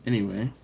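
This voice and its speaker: A man hosting a live stream in casual chat, reading viewer comments aloud and answering them playfully, with frequent laughter and drawn-out teasing emphasis. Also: medium pitch, vocal fry, noisy background. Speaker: livestream host.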